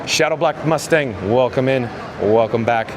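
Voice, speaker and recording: A man's voice: medium pitch, normal speed. A man hosting a live-stream tour of hotel hallways, chatting and reading viewer comments aloud. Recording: noisy handheld phone recording.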